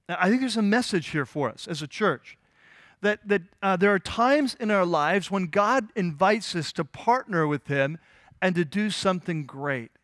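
Male pastor, high-pitched, dry close mic; conversational preaching with questions to the pews. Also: animated, a bit bright, dry recording. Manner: conversational, asks the congregation questions; voices biblical figures in quick asides. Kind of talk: sermon.

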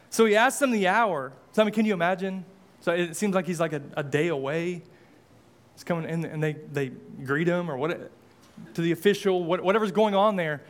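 A male pastor preaching a sermon, impassioned, with repeated rhetorical questions and casual asides. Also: sits high.

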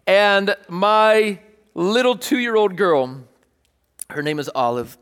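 A man's voice: high voice, slow pace, clear, resonant tone. Man preaching in a reverberant hall. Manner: animated, plays out scenes with sudden shouts. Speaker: pastor. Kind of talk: sermon with storytelling. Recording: long reverb of a large hall.

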